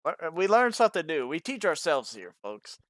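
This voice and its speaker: Lively, crude-joking young man. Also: on the high side, normal speed, dry recording. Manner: joking, crude, swears freely. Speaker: podcast co-host. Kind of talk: casual live-stream chat. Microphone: stream microphone.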